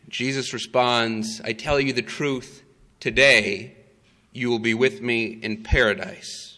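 A man preaching a sermon, telling the story slowly and with emphasis, with frequent "uh" fillers. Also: medium pitch, lively intonation, bright, forceful tone. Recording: long hall reverb.

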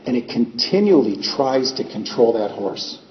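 A man's voice: mid-range voice, big pitch swings, unhurried. A man preaching a sermon in a plainspoken way, using homely examples and repeating his points. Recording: echoey hall, dull lo-fi sound, faint noise.

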